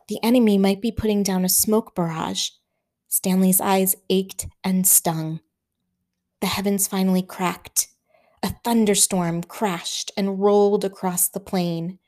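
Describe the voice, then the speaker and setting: A woman reading a war novel aloud in measured, dramatic narration. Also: medium pitch, warm tone. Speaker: audiobook narrator. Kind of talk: scripted narration.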